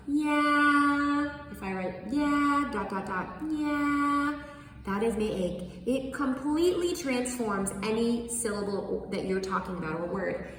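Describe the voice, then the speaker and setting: Female teacher, mid pitch, explains to camera with playful demonstrations, distant mic in a reverberant hall. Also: a little hiss or hum. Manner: animated, acts out tones on one word. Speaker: language teacher. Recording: echoey room, far from mic.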